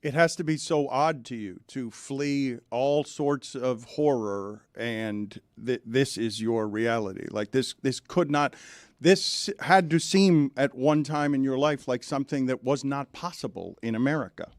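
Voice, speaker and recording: A man hosts a talk show and asks his guest questions in an earnest, measured way, with a mid-range voice. The sound is close and dry, with no room echo. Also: medium pitch. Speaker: show host. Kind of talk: interview questions.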